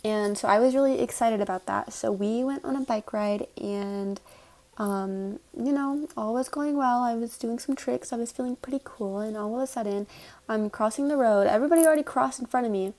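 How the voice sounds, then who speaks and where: A young woman talks straight to her phone in a casual storytime vlog, her voice sitting a little on the high side. She tells it with dry sarcasm and drops curse words freely. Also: moderate pace, a little mellow. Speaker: vlogger.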